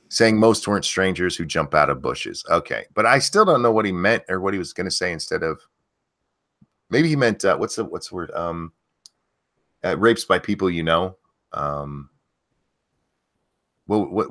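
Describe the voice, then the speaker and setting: A low-voiced man hosts a live-stream news rant. He talks bluntly and sarcastically and swears freely. His voice jumps up loud when something annoys him. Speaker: streamer host reading news.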